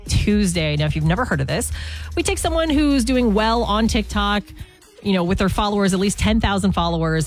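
A young woman hosting a morning radio show, chatty and self-mocking. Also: mid-range voice. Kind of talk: upbeat morning radio talk.

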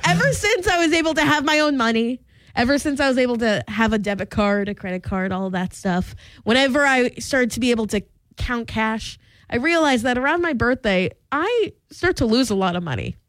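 A chatty young woman co-hosting morning radio, her voice pitched a little high. She giggles and fills her talk with "like". The studio mic sounds dry and close. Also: animated, a little fast, fairly bright tone, no echo. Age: 20s. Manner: giggly, chatty, lots of fillers. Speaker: radio morning show co-host. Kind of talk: casual radio banter.

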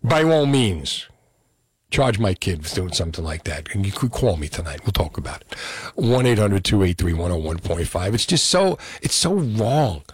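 A man's voice: sits low, expressive, normal speed, darkish tone, slightly rough, dry recording, clean studio sound. A male radio talk show host, delivering an indignant call-in monologue full of rhetorical questions.

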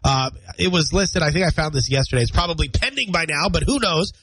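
Congested, husky-voiced male radio host. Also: fairly high pitch, expressive, fast, fairly bright tone, no echo, low-quality recording. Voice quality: nasal, congested. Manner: chatty and self-deprecating, rambling. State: stuffy nose and scratchy throat from a cold. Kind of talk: solo morning radio talk. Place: radio studio. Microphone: studio microphone.

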